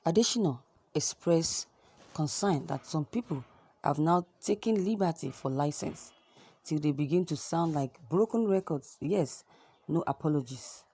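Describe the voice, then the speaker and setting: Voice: mid-range voice, lively intonation, unhurried, dark tone, slightly rough. A news reader who reads a report and then gives emphatic, repetitive opinion commentary. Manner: emphatic, repeats points with restarts.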